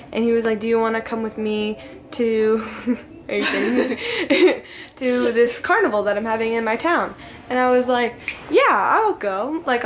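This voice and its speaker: Teen girl vlogger, casual rambling storyteller, high-ish voice, giggles often.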